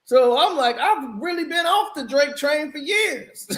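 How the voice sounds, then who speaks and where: A man with a high voice tears into an album in a loose, casual rant. He is blunt and scornful and laughs often, and his voice rings in an echoey room. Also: expressive, takes it slowly, fairly bright tone. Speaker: album reviewer. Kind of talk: casual music review rant.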